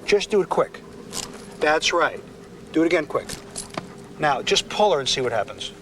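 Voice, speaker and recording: A man's voice: fairly high pitch, very animated, normal speed, fairly bright tone. A man working as a dog trainer, giving firm, clipped instructions during a hands-on demonstration. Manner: firm, coaching, short commands. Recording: distant mic with faint outdoor noise.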